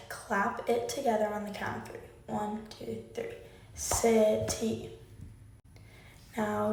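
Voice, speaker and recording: A woman teaching a phonics lesson in a soft, mellow voice. She patiently quizzes the listener and leads clap-along drills. Her voice rings around a very echoey room, picked up from well away from the mic. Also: mid-range voice, recorded from a distance.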